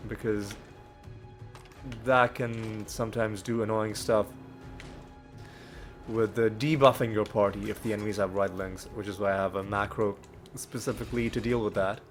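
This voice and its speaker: A man's voice: on the low side, steady tone, moderate pace. Man with a cold narrating gameplay. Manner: rambling, hesitant, thinks aloud. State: ill with a cold, occasional coughs. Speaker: let's play host. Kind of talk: casual gameplay commentary. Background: faint game music.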